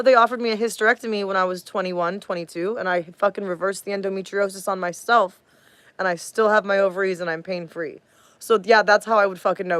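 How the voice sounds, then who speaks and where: A woman's voice: medium pitch, no echo. Profane, rambling woman streamer. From United States. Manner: profane, rambling, loses her train of thought. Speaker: livestreamer. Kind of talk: casual livestream rant.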